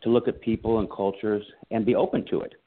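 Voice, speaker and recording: An animated man tells stories in a casual interview and slips into voices for the people he quotes. His voice sits low and sounds husky. The sound is thin and narrow, like a phone call. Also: quick pace. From United States. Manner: animated storyteller acting out quotes. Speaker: guest, comedian and writer. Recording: phone-like line.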